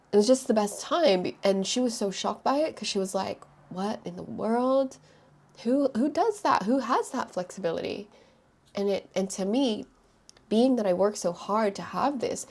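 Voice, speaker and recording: Chatty woman hosting her own podcast, slightly low with some vocal fry. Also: darkish tone. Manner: chatty, reflective, frequent "like" fillers. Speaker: podcast host. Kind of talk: solo podcast monologue.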